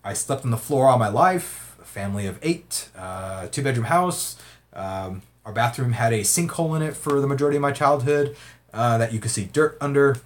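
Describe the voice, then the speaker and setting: A man's voice: mid-range voice, animated, moderate pace. A man hosting a casual livestream, reading viewer comments aloud in a rambling way, often laughing and swearing.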